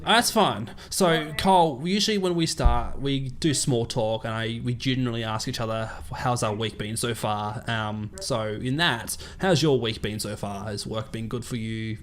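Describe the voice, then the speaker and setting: Laughing podcast co-host. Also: male voice, medium pitch, moderate pace, hardly any pauses, a little hiss or hum. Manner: laughs often, teasing banter. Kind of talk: casual chat.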